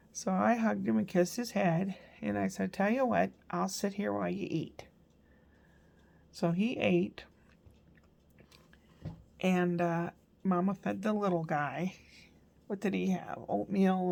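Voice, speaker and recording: A woman's voice: medium pitch, measured pace, vocal fry, pauses often, darkish tone. An older woman, a grandmother, chatting casually through her day in a meandering, storytelling vlog. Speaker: grandmother vlogger. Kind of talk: casual rambling daily recap.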